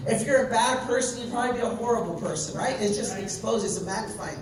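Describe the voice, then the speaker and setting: Man, motivational speaker, animated and audience-facing, recorded with a lot of background noise in a big reverberant hall. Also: high voice, fast talker. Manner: animated, keeps checking in with the audience. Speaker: motivational speaker to a sales team. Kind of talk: energetic motivational talk with storytelling. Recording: very echoey room, voice from far off, noisy.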